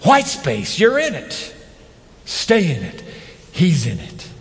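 Animated male preacher in a reverberant hall. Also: fairly high pitch, slow pace. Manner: animated, rhetorical questions, emphatic repetition. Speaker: pastor. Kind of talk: sermon.

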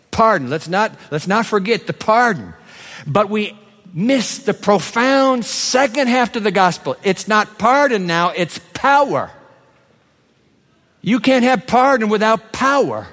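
A man preaches to his congregation with a fairly high voice. He moves between big, slow proclamations and quiet, rapid asides. His words ring out with long reverb in a church sanctuary. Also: big pitch swings. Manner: dramatic swings between loud proclamation and hushed asides. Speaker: pastor. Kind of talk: sermon.

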